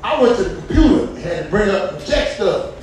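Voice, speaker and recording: High-voiced guy doing a stand-up bit, loud n profane, roomy echo from far off. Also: fairly quick, slight background noise. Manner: loud, profane, animated storytelling with shouts. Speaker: stand-up comedian. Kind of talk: stand-up comedy set. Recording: echoey room, distant mic.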